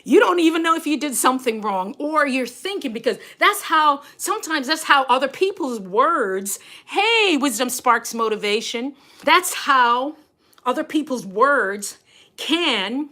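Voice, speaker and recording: Animated Caribbean woman hosting a casual livestream, mid-pitched to high, pedalling a bike as she talks. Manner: chatty and animated, laughs often, talks to viewers. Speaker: nurse and life coach, livestream host.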